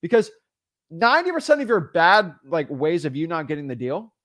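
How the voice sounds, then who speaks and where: A man teaching real estate wholesaling in an energetic, animated way, often restarting and repeating words as he talks. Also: a little high, moderate pace, no room sound, studio quality. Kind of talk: energetic teaching with phone role-play. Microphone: studio microphone.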